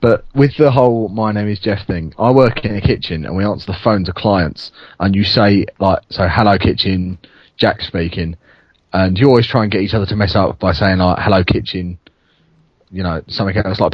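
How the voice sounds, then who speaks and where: A man's voice: on the low side, fast, few pauses, no echo, lo-fi sound. A young man casually telling a story about his job to friends, acting out the quotes. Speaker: podcast guest. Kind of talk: casual group chat.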